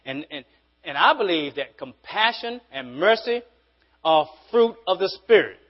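Man preaching, fairly high voice, emphatic, repeats himself, dull recording with hum. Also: expressive, a little slow. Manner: emphatic, rising to forceful peaks and dropping to quiet asides; repeats words when building a point. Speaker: pastor. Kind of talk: sermon.

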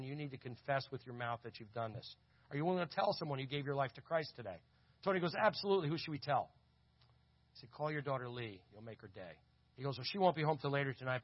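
A man telling a lively story in a sermon, acting out the voices of the people in it. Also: mid-range voice, no room sound. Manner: animated, acts out quoted voices. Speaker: conference speaker. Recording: dull lo-fi audio.

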